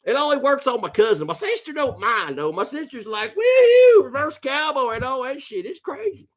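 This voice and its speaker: A man's voice: very high voice, big pitch swings, brisk, voice pushed up, full character voice. A man doing a rowdy hillbilly. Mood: boastful. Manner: crude, loud, rambling and boastful. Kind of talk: comic character bit on a livestream.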